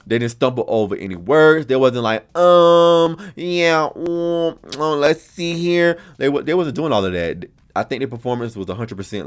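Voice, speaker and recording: Animated, blunt male podcast host. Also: medium pitch. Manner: chatty, blunt and expressive, with frequent swearing. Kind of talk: casual reaction commentary.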